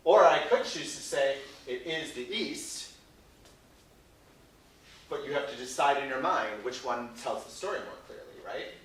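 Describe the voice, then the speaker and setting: A man's voice: medium pitch, animated, fairly quick, hardly any pauses, a little hiss or hum. A man teaching a Shakespeare workshop in a playful way, often checking in with 'right?'. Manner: playful, ends phrases with 'right?'. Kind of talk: classroom teaching. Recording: echoey room, voice from far off.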